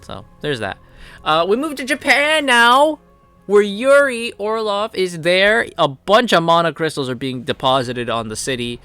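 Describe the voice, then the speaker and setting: A man's voice: sits high, lively intonation, a little slow, pushed and bright, smooth, no echo, soft background music. A man casually recapping and reviewing comic chapters, rambling along with plenty of "like" and "you know".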